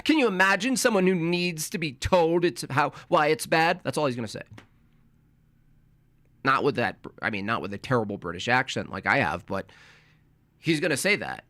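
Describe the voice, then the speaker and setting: An American man giving sarcastic, argumentative commentary on a debate clip, speaking in rapid bursts. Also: on the high side, lively intonation, a bit bright, dry recording. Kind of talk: casual commentary.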